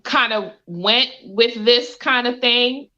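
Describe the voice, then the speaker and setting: A thoughtful woman with a high, bright voice gives measured commentary in a casual chat, often saying "I think." The recording has a dull, lo-fi sound.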